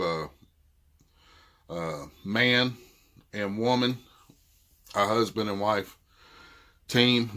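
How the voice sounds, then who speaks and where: A middle-aged vlogger with a strong Southern accent narrates a dispute informally, quoting each side's words. His voice is on the low side with a fairly bright tone.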